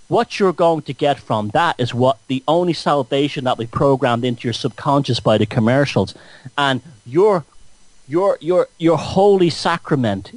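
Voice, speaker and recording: A man's voice: mid-range voice, dry recording, rough recording. A man hosting a radio show, rambling through a mocking, satirical monologue.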